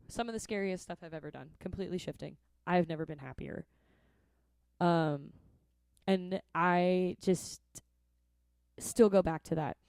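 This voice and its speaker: A woman's voice: on the low side, a little mellow, smooth, dry recording. A young woman vlogging in a casual, rambling way, chatty and earnest, often adding "like" and "right?". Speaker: vlogger and musician.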